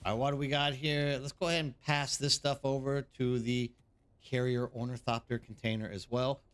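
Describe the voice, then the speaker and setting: A man's voice: medium pitch, level tone, moderate pace, fairly bright tone. A man hosting a live game stream, chatting casually and rambling while greeting viewers by name. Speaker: streamer host.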